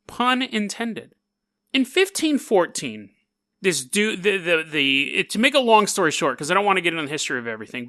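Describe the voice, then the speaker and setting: A man's voice: on the high side, sharp tone, no echo, clean studio sound. A man hosting a podcast, telling a story casually and sarcastically, with joking asides. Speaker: podcast host.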